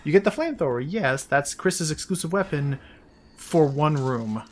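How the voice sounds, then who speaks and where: A man's voice: a little high, lively intonation, moderate pace, a little hiss or hum. A man hosting a casual game commentary, rambling through his points with restarts and asides. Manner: rambling, talks in restarts, says "hear me out". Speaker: commentary host.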